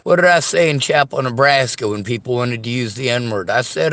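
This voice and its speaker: A man's voice: medium pitch, fairly quick, a bit bright. A man delivering a sarcastic, profanity-laced rant straight to his audience. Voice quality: sarcastic, combative. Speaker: vlogger. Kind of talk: angry profane rant to camera.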